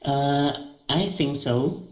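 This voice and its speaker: Slow, halting man learning English. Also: mid-range voice, a little mellow. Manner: slow and halting, with many "uh" pauses. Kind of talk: reading aloud and answering a tutor. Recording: roomy, muffled lo-fi recording.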